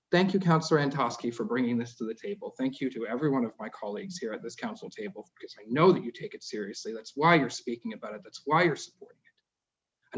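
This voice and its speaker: A Canadian man speaking as a city councillor at a council meeting, impassioned, his voice rising and breaking off. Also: mid-range voice. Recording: dull lo-fi meeting audio.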